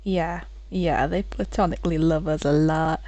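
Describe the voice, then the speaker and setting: A woman's voice: low-pitched, fairly even intonation, normal speed, mellow, no echo, low-quality recording. A woman narrating her own game playthrough, musing and chatting casually as she goes.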